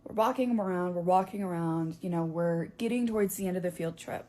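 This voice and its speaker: A young woman telling a story in a casual, animated, chatty way, with many fillers. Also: lowish voice, a little fast.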